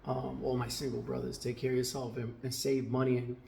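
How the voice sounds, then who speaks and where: A man's voice: mid-range voice, monotone, fairly quick, vocal fry, warm tone, slight background noise. A man, a barber, talking casually to camera in his barbershop, conversational and peppered with "right?". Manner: conversational, with frequent "right?" tags. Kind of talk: casual vlog talk.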